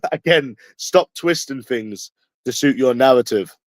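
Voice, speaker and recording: A man's voice: medium pitch, unhurried, dry recording. A man with a London accent, ranting at his livestream chat in a confrontational, profane and repetitive way. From London, England. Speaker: streamer answering chat. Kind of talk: combative livestream rant.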